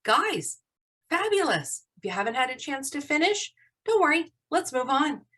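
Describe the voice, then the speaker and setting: A woman's voice: high voice, sing-song, normal speed, pushed and bright. Upbeat, encouraging teacher woman. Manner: upbeat, encouraging, praising students. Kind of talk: live online class lesson. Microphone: video call.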